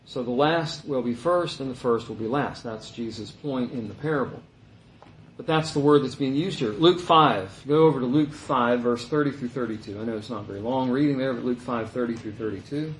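A man giving conversational Bible teaching in an animated way, his voice jumping higher when he mimics the complainers. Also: normal speed, a little hiss or hum. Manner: animated, voice rising high when quoting complainers. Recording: roomy echo.

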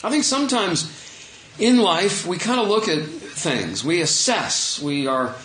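A man's voice: high-pitched, animated, unhurried, a bit bright, roomy sound, slight background noise, low-quality recording. A man preaching a conversational sermon, retelling a Bible story with casual asides. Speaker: pastor.

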